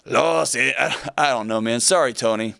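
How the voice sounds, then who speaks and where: Gravelly-voiced male radio host. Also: mid-range voice, moderate pace, no echo, studio quality. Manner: joking, then calm and caring. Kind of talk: call-in advice show.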